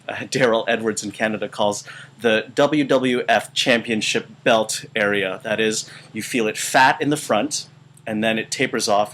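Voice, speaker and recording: A man's voice: lowish voice, a bit bright. Man with a weakened, out-of-shape voice. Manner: halting, with many fillers and restarts. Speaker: voice teacher and choir conductor. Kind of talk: casual instructional video. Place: small retreat room.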